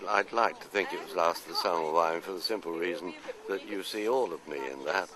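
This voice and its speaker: A man's voice: low voice, a little fast, crowd noise, low-quality recording. An older man from London, an actor answering interview questions in a chatty, anecdotal, self-deprecating way.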